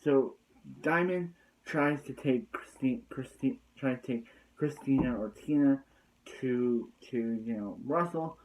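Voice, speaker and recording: A man's voice: mid-range voice, slow pace, a little mellow, low-quality recording. A man casually recapping a TV episode, rambling with constant fillers and restarts. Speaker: TV episode reviewer.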